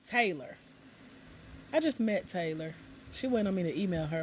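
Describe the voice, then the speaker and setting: A woman hosting a casual livestream, chatting and reading viewer comments aloud with drawn-out sign-offs. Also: on the low side, lively intonation, darkish tone, slight background noise. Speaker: livestream host.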